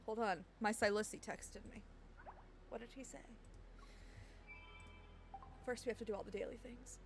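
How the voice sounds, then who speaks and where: Bubbly high-voiced woman streaming a game. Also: moderate pace. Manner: bubbly and excitable, chatting with viewers. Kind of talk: casual live-stream chat. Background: game music and barking dogs.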